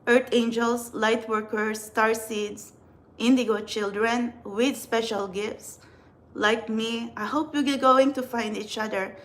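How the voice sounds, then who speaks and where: A woman's voice: a little high, a bit bright. A woman from the Philippines with a Filipino accent, talking casually to camera as a tarot reader and spiritual channeler. She rambles earnestly and often restarts her sentences.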